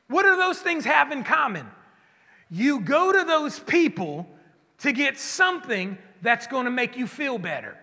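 Male pastor, bright husky voice, lively joking sermon delivery, long church reverb. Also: very high-pitched. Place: church hall.

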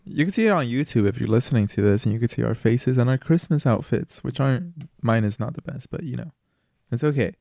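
A man's voice: medium pitch, animated, brisk, gravelly, hardly any pauses, warm tone, no echo, studio quality. Easygoing teenage boy podcaster. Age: teens. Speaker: podcast co-host. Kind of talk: casual chat, podcast sign-off.

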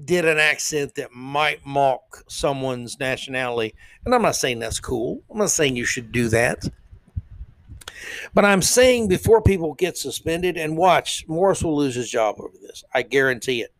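A man hosting a podcast, giving casual, opinionated commentary that rambles with frequent "uh" pauses. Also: on the high side, no echo. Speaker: podcast host.

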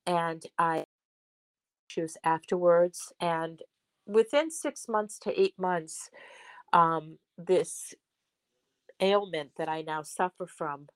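A woman's voice: fairly low pitch, slow pace, long pauses, clear, resonant tone, no echo. Older woman, rambling storyteller. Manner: rambling, with frequent restarts. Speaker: podcast guest. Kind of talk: conversational storytelling.

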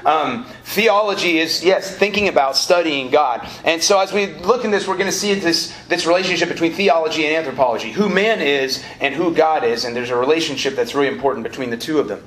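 A man's voice: fairly high pitch, fairly quick, few pauses, fairly bright tone. A man preaching a live sermon to college students, talking casually, cracking jokes and getting the crowd to answer back. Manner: conversational, joking, prompts audience call-and-response. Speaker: college ministry director and preacher. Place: lecture hall or auditorium at a college. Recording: roomy live hall with faint ambient noise.

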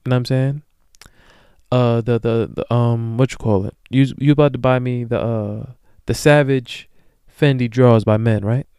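A young man hosting his own podcast, ranting jokingly in slang and swinging between loud bursts and low mutters. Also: steady tone, moderate pace, clear, resonant tone, no room sound, studio quality. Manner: profane, joking rants with slang. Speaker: podcast host. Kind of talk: solo podcast monologue.

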